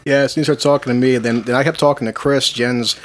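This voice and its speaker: A man's voice: medium pitch, fairly even intonation, a little fast, slight background noise. A man in his late thirties, a podcast host telling a rambling story in casual chat, laughing often. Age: 30s.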